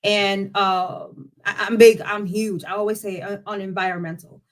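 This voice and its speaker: A woman's voice: medium pitch, level tone, normal speed. A woman co-hosting a talk show who asks questions while searching for her words, with many fillers and hedges. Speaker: podcast co-host. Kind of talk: casual discussion.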